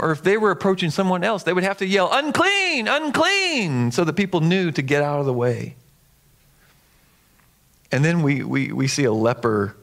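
A man who is a pastor, preaching a sermon in an earnest, emphatic and conversational way with the odd filler. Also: a little high.

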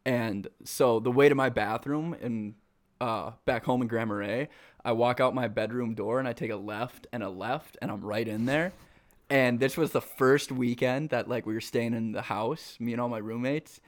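Speaking at normal speed with a medium pitch, the twentysomething podcast co-host from Minnesota keeps things casual. His crude stories come loaded with profanity and laughter.

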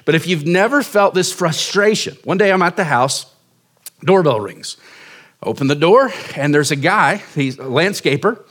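A man's voice: on the high side, expressive, moderate pace, a bit bright. A man in his forties preaching a sermon as pastor, telling a story casually and making fun of himself. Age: 40s. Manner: casual, self-mocking storytelling.

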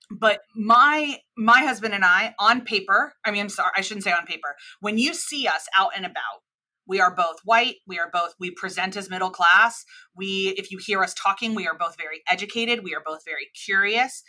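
An American woman in her thirties with a flat mid-Atlantic accent, speaking as an interview guest. Her voice is bright and forward, and she explains her points in long, animated stretches. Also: medium pitch, a little fast. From United States. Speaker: podcast guest, cross-cultural expert. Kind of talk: conversational interview.

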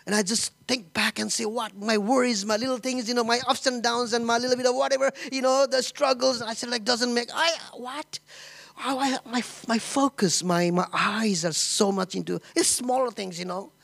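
High-voiced emotional pastor preaching. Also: male voice, moderate pace, creaky. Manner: emotional, laughing, animated storytelling with repetitions. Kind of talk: sermon.

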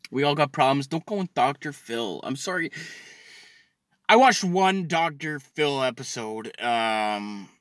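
A man ranting comedically, swearing constantly and stammering through restarts, swinging between loud outbursts and low mutters. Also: animated, measured pace, dry recording, clean studio sound. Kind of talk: profane comedic rant.

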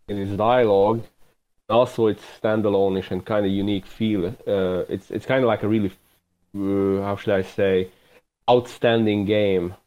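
A man from Eastern Europe, a podcast guest, who speaks hesitantly and often pauses to search for words. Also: fairly low pitch, narrow, tinny audio. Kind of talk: casual podcast chat.

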